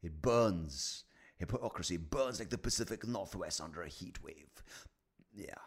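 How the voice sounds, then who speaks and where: A man's voice: low voice, animated, unhurried, slightly rough. A man hosting a solo podcast, ranting in a profane, sardonic way. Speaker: podcast host.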